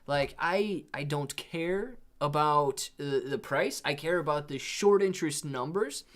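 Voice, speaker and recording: On a live stream, a man reads viewer chat aloud in a rambling, relaxed style, calling people "dude" and "man." His voice is on the high side and fairly bright, a little slow, with few pauses.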